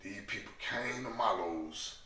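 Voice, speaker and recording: A man's voice: fairly low pitch, measured pace, recorded from a distance. A man telling a profane story in a casual interview, acting out the other people's voices. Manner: animated, profane, acts out voices in his stories. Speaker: guest. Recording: echoey room, set back from the mic.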